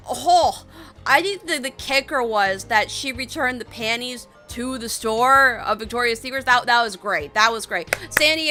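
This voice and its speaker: A woman youtuber narrates a story in a casual, animated way, breaking into exclamations. Her voice is high, bright and very lively, with faint music underneath.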